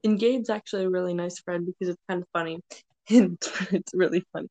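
A young woman telling rambling stories in casual chat, often breaking into loud impressions of her friends. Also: medium pitch, fast talker, no echo, poor audio. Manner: chatty storytelling, rambling with fillers; shouts playful impressions of friends.

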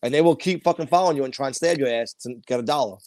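A man's voice: medium pitch, racing, darkish tone. A man talking bluntly and profanely in a casual chat, rambling through stories with lots of restarts.

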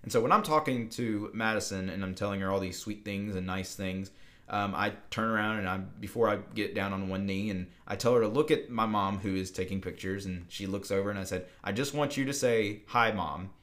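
A young man co-hosts a casual podcast, his voice sitting a little on the low side. He rambles through a story with plenty of fillers and restarts. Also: a little fast, fairly bright tone. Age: young adult. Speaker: podcast co-host.

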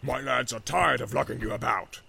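A man growling as a gravelly orc captain. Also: medium pitch, normal speed, bright, forceful tone, a little hiss or hum. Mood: menacing. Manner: barking orders. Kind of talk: audiobook character voice.

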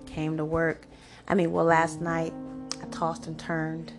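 A woman in her forties hosting a podcast, telling a personal story in a chatty, animated way full of "like" and "you know". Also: low voice, measured pace. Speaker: podcast host. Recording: music playing underneath. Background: background music.

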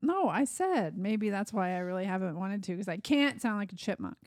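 A woman's voice: medium pitch, very animated, moderate pace, a little mellow. A woman co-hosting a casual podcast, answering in short, dry replies. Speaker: podcast co-host. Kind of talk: casual chat.

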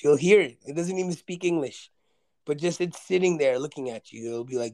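A man in a casual podcast chat, animated and joking, acting out animals' thoughts in quick put-on voices. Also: sits high. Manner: animated, laughs, acts out pets in put-on voices.

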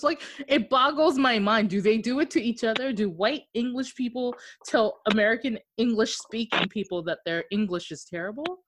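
A woman's voice: fairly high pitch, lively intonation, normal speed, hardly any pauses, a bit bright, dry recording. Blunt, laughing woman podcast co-host. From Okinawa, Japan. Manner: blunt, swears freely, laughs often. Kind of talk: casual chat.

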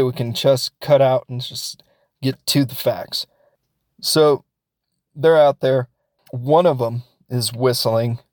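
A man's voice: mid-range voice, no echo, clean studio sound. A man casually recapping a film as a reviewer, rambling and joking and acting out the characters. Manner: rambling, jokey, acts out characters.

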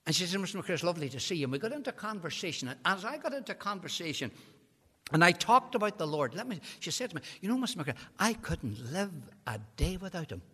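A man's voice: high voice, very animated, fast talker, husky. A man preaching an evangelistic sermon, telling a story with rising passion. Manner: impassioned, building to shouted climaxes. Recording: long hall reverb.

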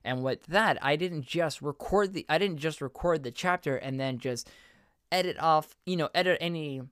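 Earnest and rambling, with frequent mid-sentence self-corrections, a man who does voiceover work talks through a casual solo episode of his own podcast. His slightly high voice is bright, clear and resonant at a moderate pace, recorded in the studio with no room sound.

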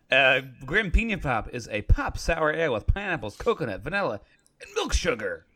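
A man's voice: a little high, very animated, normal speed, long pauses, pushed and bright. A man co-hosting a casual podcast, rambling easily with lots of fillers while he reviews beers. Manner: laid-back, rambling with many fillers. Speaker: podcast co-host. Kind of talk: casual chat.

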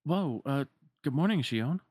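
A man's voice: a little high, lively intonation, measured pace, darkish tone, breathy edge, no echo, studio quality, voice pushed up. A man voicing a caring, easily startled teenage boy in a lifted, eager voice. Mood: earnest.

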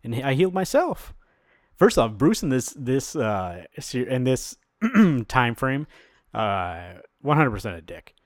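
A man chats casually on a podcast, walking through a comic book's plot scene by scene. He acts out the characters' lines in quick quoted bits and drops casual swears. His voice sits at a middle pitch in a dry, close room with no echo. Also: very animated. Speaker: podcast co-host. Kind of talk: casual chat retelling a comic book.

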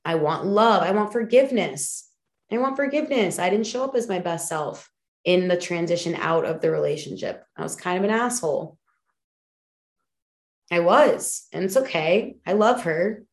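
Candid, low-voiced woman podcaster. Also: normal speed. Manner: candid and emphatic, swears casually, many fillers. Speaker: podcast host. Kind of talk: personal reflective monologue.

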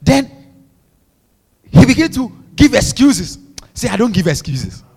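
A man's voice: sits high, big pitch swings, measured pace, vocal fry, darkish tone, slightly rough, big-room sound. A male pastor preaching a fervent sermon in a church, calling on the congregation to repeat after him. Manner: fervent preaching with call-and-response exhortations.

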